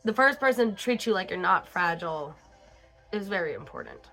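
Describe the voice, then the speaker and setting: A woman's voice: medium pitch, animated, a little fast, fairly bright tone, soft background music. A woman hosting a casual album review, chatty and breaking into lyric snippets between her comments.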